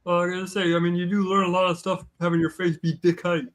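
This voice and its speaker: A man at a tabletop game with a fairly high voice, drawling slow and laid-back as he teases the others. His words come easy and unhurried. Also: little pitch movement. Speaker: player.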